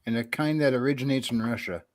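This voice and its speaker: A man from New England co-hosting a casual online stream, telling stories in a relaxed way. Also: medium pitch, fast talker. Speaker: stream co-host. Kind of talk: casual chat.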